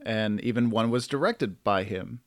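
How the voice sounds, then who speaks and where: A man's voice: fairly low pitch, normal speed, no room sound, clean studio sound. A man hosting a casual podcast chat, who laughs often and stumbles over names. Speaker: podcast host.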